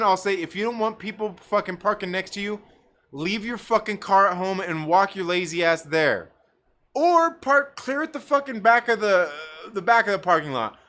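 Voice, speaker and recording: A man hosting a live stream, telling a profane, animated story in a casual rant with bursts of laughter. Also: high voice. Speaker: livestream host.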